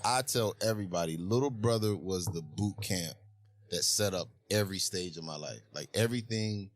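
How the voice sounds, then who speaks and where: Low-voiced man telling candid stories. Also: normal speed, dry recording. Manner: candid, profane storytelling. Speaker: rapper and TV writer guest. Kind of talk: casual interview chat.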